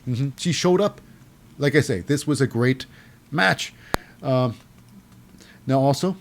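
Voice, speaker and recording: A man's voice: medium pitch, expressive, slow, a little hiss or hum. A man casually recapping a wrestling show, rambling with many fillers and restarts, sometimes acting out quotes in a raised voice.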